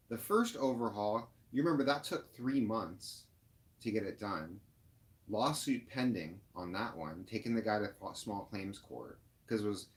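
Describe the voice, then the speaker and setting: A rideshare driver ranting on a live stream, frustrated and upset, with halting restarts and lots of fillers. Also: male voice, fairly low pitch. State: upset, near tears.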